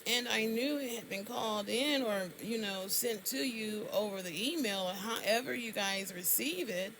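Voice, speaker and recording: Gravelly woman telling a story. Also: normal speed, a little hiss or hum, poor audio. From Alabama, US. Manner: indignant retelling, sharp jumps up in pitch on exclamations. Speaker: vlogger. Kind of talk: casual storytime monologue.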